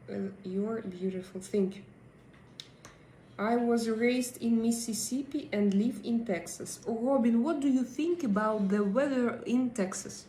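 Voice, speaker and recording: A woman hosting a live stream and chatting with viewers, hesitant and pausing often as she searches for her English words. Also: a little high, mellow, echoey room, slight background noise, rough recording. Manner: hesitant, many pauses and fillers while searching for English words. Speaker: livestream host. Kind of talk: casual live chat, answering viewer comments.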